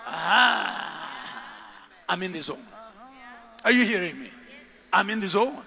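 High, bright-voiced man preaching in a big hall. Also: slow, vocal fry. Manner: animated, call-and-response preaching with laughs. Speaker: bishop, preacher. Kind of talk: sermon. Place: large church hall. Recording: live church sound with long hall reverb.

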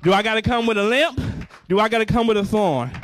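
A man's voice: sits high, expressive, fast. A male pastor preaching a fervent sermon, repeating phrases and calling out to the congregation.

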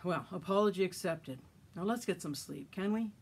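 A woman's voice: lowish voice, animated, moderate pace, husky. A woman reading a story aloud, voicing a reserved older brother cowboy who answers firmly. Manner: firm, clipped replies.

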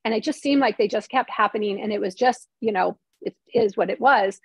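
Husky-voiced woman telling a personal story. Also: mid-range voice, fairly quick, dry recording. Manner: candid and emotional, acts out quoted lines. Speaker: interview guest, former TV reporter. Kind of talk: personal storytelling in a casual interview.

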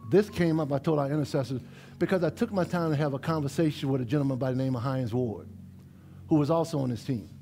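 A middle-aged man from New Orleans with a New Orleans accent, a pastor preaching a lively sermon to his congregation in a church. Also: mid-range voice, fast talker, vocal fry, faint music behind. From New Orleans, USA. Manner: animated preaching, dialect-rich, talks straight to the congregation. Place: church sanctuary.

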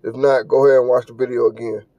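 A man's voice: medium pitch, little pitch movement, fast, dark tone, no echo. A middle-aged man hosting a podcast, giving blunt, profane, scolding commentary as he reacts to a video. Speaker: podcast host.

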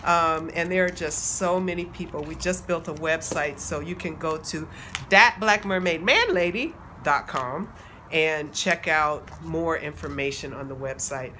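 A woman, excitedly chatting to her viewers, laughing and calling them y'all. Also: low-pitched, a little slow, rough recording. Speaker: playwright unboxing a project deck. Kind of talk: casual vlog talk. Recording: background noise.

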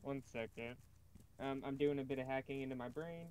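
A man's voice: mid-range voice, a little fast, a little mellow, rough recording. Laid-back man thinking aloud mid-game. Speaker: gamer. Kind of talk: casual gaming chat.

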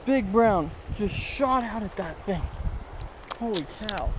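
A man vlogging while fishing a river, talking excitedly to viewers and the fish on an action camera. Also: high-pitched, takes it slowly. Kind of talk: excited outdoor fishing commentary. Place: outdoors by a river. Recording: noisy outdoor camera audio. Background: river water and wind.

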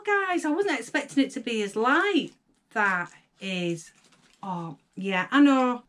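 Brief: young Northern English woman vlogger, gushing and excitable, a touch higher in pitch. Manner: gushing, excitable, gasps and chatters to viewers. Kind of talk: casual unboxing chat.

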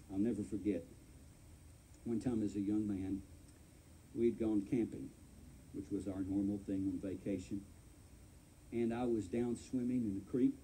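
A man's voice: medium pitch, warm tone, slight background noise, low-quality recording. A man preaching an earnest, folksy sermon to his church as its pastor. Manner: earnest, folksy preaching, addresses listeners as friend. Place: church sanctuary.

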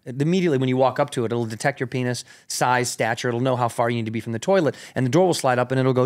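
A man's voice: medium pitch, quick pace. Slangy man telling a story. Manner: loose and slangy, peppered with "like" and "rad", swears freely. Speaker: podcast guest, comedian. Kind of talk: casual storytelling chat.

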